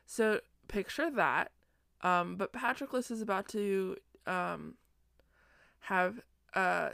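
A woman's voice: medium pitch, a bit bright, no room sound, studio quality. A sleepy young woman recapping a book in a chatty, self-deprecating, digressive way, recorded at home at night. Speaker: podcast host.

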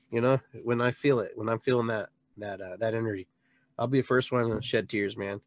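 A man's voice: lowish voice, fairly even intonation, a little fast, no room sound. Earnest, emotional man on a dry mic. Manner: emotional, rambling, earnest with many restarts; swings between loud bursts and quiet trailing words. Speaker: podcast host and shaman. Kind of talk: heartfelt live monologue. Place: local area with a reservoir, addressing live viewers.

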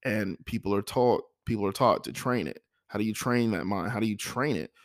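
A man talking through his thoughts in a reflective personal monologue, earnest and repetitive, with a frog in his throat that he keeps clearing. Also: lowish voice, a little fast, no echo, studio quality. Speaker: vlogger.

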